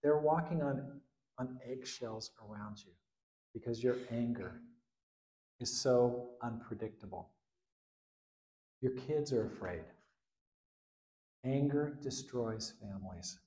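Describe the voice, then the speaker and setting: A man preaching a sermon as pastor, animated, swinging between loud outbursts and quiet asides and acting out the quotes. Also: medium pitch, slow, long pauses, reverberant. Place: church hall.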